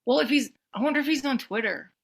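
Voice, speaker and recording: A woman's voice: high voice, quick pace, vocal fry. A woman co-hosting a podcast in casual chat, blunt and playful, swearing casually. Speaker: podcast co-host.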